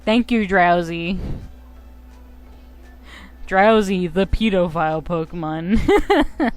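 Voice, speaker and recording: A woman's voice: fairly low pitch, lively intonation, takes it slowly. Young woman streamer joking over a game. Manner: joking and self-mocking, reads game text aloud. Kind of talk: casual game commentary. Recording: faint game music behind.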